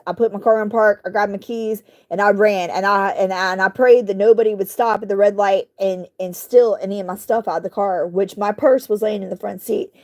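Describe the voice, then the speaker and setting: Rambling, throat-clearing woman telling a story. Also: medium pitch. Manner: rambling, animated retelling with many fillers and asides. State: frequently clearing her throat. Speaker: vlogger. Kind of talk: casual storytelling.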